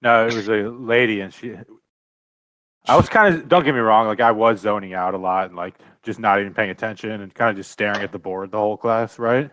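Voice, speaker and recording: A man's voice: lowish voice, a little fast, a bit bright, no room sound. A young man co-hosting a casual podcast, telling a story in a laid-back way. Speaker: podcast co-host. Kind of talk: casual chat.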